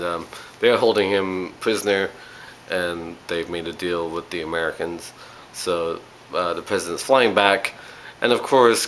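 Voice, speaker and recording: A man's voice: deep voice, a bit bright, slight background noise, low-quality recording. A man giving a casual spoken movie review, rambling along with frequent ums and uhs.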